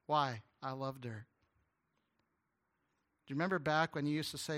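A guest pastor delivers a storytelling sermon at normal speed, his bright, forceful voice sitting a little high for a man. He is earnest and animated, now and then stammering over repeated words and restarting. At emotional moments his voice drops to a hushed, tender tone.

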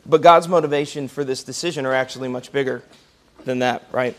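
A man teaching a Sunday school Bible class, often checking in with the group with "okay?" and "right?" and clearing his throat now and then. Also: mid-range voice, fairly even intonation, moderate pace, fairly bright tone.

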